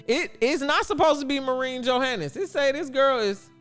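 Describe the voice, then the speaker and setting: A man's voice: very high-pitched, lively intonation, moderate pace, a bit bright, faint music behind. A man from Chicago hosting a casual sports livestream, chatty and answering his viewers' chat aloud. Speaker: livestream host.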